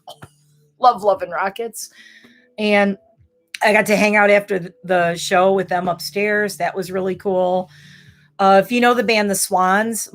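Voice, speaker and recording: A woman in her forties chatting casually to camera, telling rambling stories with animated, exclamatory bursts. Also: mid-range voice. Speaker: vlogger.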